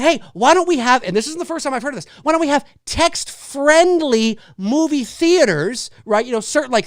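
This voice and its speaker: A man hosting a live movie talk show, ranting in exasperation, repeating rhetorical questions, swearing and bursting into shouts. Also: very high-pitched, no room sound, studio quality. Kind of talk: ranting solo commentary.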